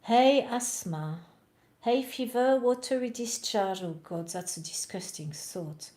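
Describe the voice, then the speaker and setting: A woman's voice: on the high side, animated, unhurried, mellow. Chatty woman reading aloud at night. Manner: chatty, reads aloud and comments, talks to camera. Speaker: reader of homeopathy books.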